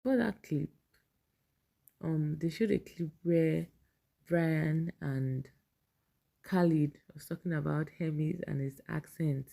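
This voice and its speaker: A woman's voice: low voice, takes it slowly, vocal fry, pauses often, warm tone. A young Nigerian woman vlogger giving casual commentary on a reality show and reading fan posts, chatty, laughing often and slipping into pidgin.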